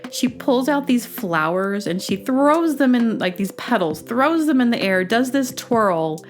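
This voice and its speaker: A woman's voice: fairly high pitch, measured pace, faint music behind. Chatty woman host telling a story. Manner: chatty, rambling, many fillers and restarts; acts out quoted dialogue with bursts of excited laughter. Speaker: podcast host. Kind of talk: casual storytelling monologue.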